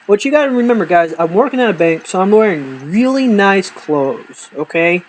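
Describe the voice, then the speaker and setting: High-voiced man telling cussing stories. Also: moderate pace, few pauses, a little hiss or hum, poor audio. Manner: profane, animated, acts out quoted people. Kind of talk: casual storytelling to camera.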